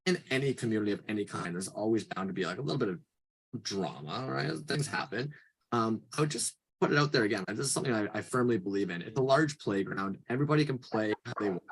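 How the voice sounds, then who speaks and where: A man in his thirties from Canada, chatting casually on a podcast and telling animated, swear-laced stories. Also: mid-range voice, slightly rough. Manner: animated storyteller, swears freely. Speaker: podcast guest. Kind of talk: casual chat.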